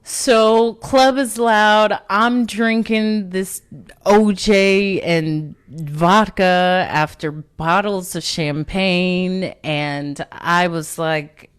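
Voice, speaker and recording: A woman's voice: on the low side, steady tone, very slow, smooth, no echo, studio quality. A woman hosting a casual personal storytelling talk, conversational and self-mocking, often laughing at herself. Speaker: storyteller host.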